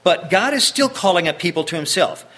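A man preaching a Bible-teaching sermon, reading scripture aloud between stops to clear his throat and restart his sentences. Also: sits high, very animated, a little fast, bright, forceful tone.

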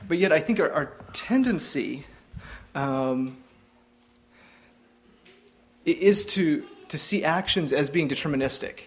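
A man's voice: fairly high pitch, lively intonation, moderate pace. A younger man giving an informal devotional talk, hesitant, with frequent ums and restarts.

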